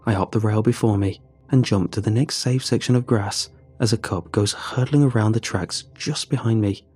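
A man tells a first-person horror story in a measured, suspenseful read. His voice is low and mellow, with a dark, soft tone, and faint music plays behind him. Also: breathy edge.

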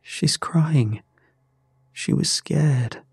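An anxious, protective young woman, put on by a male narrator in an audio story. Her voice sits well above his own, a little husky, and dry with no room sound. She pleads and frets. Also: on the high side, drawn-out words, darkish tone, no echo, voice pushed up, full character voice. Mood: hushed grief. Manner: pleading, distressed.

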